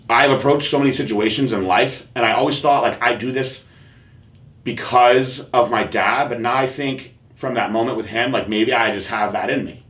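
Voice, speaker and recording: A man hosting a podcast, telling a personal story in an earnest, halting way with many fillers and restarts. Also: mid-range voice, fairly bright tone, echoey room. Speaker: podcast host.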